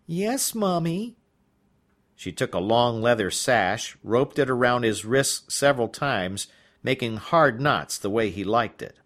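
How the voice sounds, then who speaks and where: A man narrating a novel as an audiobook in an expressive storytelling manner. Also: medium pitch, measured pace.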